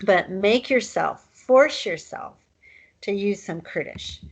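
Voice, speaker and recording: A woman's voice: medium pitch, expressive, takes it slowly, gravelly, breathy edge, low-quality recording. A woman teaching a recorded online language lesson in a casual, chatty way, with fillers and asides.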